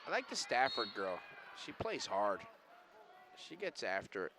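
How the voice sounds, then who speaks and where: A man's voice: mid-range voice, sing-song, measured pace, a crowd in the background, noisy background. Emphatic male color commentator. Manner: emphatic, coaching-minded analysis, repeats key points. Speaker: color commentator and former coach.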